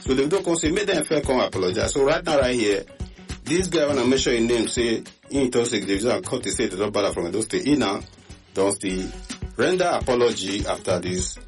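A man with a Nigerian accent hosting a radio talk show in animated, chatty Pidgin-laced English. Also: mid-range voice, brisk, faint music behind. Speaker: radio host. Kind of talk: casual chat.

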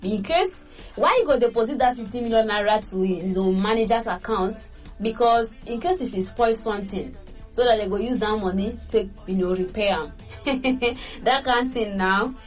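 A woman with a Nigerian Pidgin accent hosting a casual entertainment gossip show, lively and chatty, laughing between points. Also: mid-range voice, normal speed. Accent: Nigerian Pidgin English. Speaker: entertainment news host. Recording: distant mic with faint music.

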